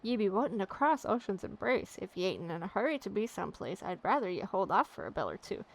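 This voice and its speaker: A woman voicing a gruff, salty game bridge guard who grumbles in old sailor dialect. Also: mid-range voice, big pitch swings, fast talker, rough recording. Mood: grumbling.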